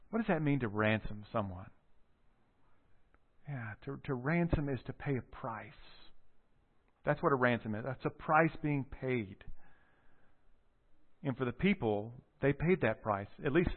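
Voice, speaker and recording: A man preaching a sermon, retelling a scripture story with animated storytelling and acting out the quoted lines. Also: medium pitch, normal speed, long pauses. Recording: tinny phone-like audio.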